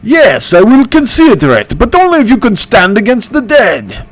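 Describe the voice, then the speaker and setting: A man voicing a scornful undead oathbreaker spirit who speaks slowly and mockingly. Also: high-pitched, huge pitch swings, pitched above the performer's own voice, exaggerated voice. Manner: slow, sneering, mocking.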